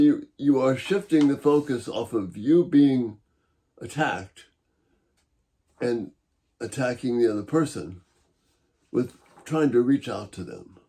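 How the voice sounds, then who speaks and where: Man, middle-aged, bible teacher, calm measured delivery, warm dark tone, gently persuasive. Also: medium pitch. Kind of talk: Bible-based teaching talk.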